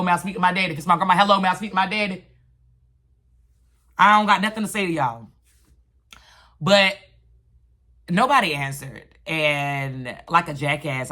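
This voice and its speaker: Bright-voiced woman, ranting and telling it all on her vlog. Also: sits low. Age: adult, has a daughter. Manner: animated, vents and rants, quick shifts. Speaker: vlogger. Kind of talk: casual storytelling vlog.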